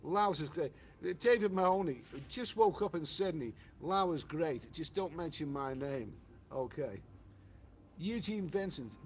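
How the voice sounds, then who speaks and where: A man with a Liverpool accent and a slightly high voice hosts a travel livestream, reading viewer comments aloud. He's loose and rambling, with many restarts and "you know" fillers, and there's slight background noise.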